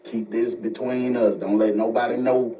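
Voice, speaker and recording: A man voicing a middle-aged male prison deputy warden who talks slowly and deliberately, a little lower than his own voice. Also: level tone, mellow, distant mic, a little hiss or hum, lightly acted, low-quality recording. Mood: low, pleading. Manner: slow, drawling, deliberate.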